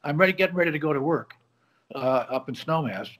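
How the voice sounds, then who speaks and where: A bar magician appears as a guest on a video call from his home office, telling a story in a fairly high-pitched voice at a fast clip. He is animated, acting out the quoted dialogue as he goes.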